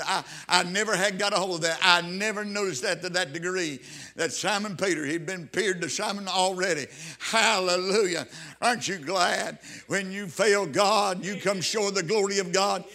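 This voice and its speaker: A man's voice: sits high, bright, forceful tone. A man preaching a fervent sermon, repeating phrases and calling out hallelujahs.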